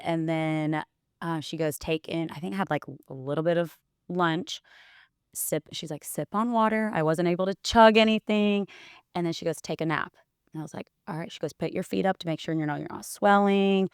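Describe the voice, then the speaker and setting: A young woman, a wellness bodybuilder, chats casually as an interview guest, telling stories and quoting other people. Her voice sits on the low side with a clean tone, recorded at studio quality with no room sound.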